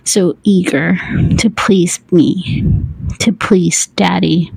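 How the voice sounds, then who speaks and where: A woman voicing a commanding adult man in whispered role-play, in a breathy, low murmur. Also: fairly even intonation, slow, darkish tone, no room sound, heavily acted, poor audio.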